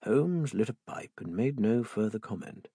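A man reading a first-person story as an audiobook narrator, in a measured way. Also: fairly low pitch, animated, mellow, husky, no echo, clean studio sound.

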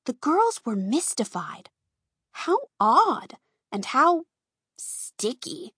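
A woman reading a children's storybook aloud, slow and expressive. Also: high voice, slightly rough, no echo, studio quality. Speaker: narrator.

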